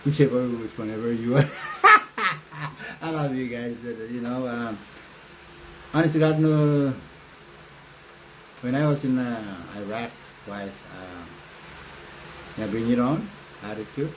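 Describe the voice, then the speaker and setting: A man's voice: mid-range voice, background noise. Rambling older man on a livestream. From Northern Mariana Islands. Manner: rambling, halting, frequent fillers and laughs. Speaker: political commentary livestreamer. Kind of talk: casual livestream talk. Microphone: phone or webcam livestream.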